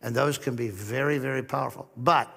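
Pastor preaching in a reverberant hall. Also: male voice, medium pitch, fairly quick, vocal fry. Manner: storytelling with humor and soft-spoken quoted dialogue. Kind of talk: sermon. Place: church hall.

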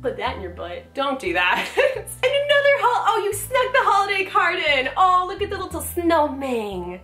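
A woman vlogger opening fan mail at home, gushing and excitable, swearing casually, recorded with roomy echo. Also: extremely high pitch, moderate pace, soft background music. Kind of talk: casual chat.

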